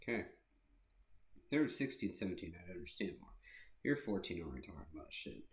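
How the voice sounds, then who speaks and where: A man with a lowish voice makes crude, sarcastic asides on a stream. His voice rings in a roomy, echoey space. Clicking sounds are heard around him. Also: big pitch swings, fast. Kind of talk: casual chat.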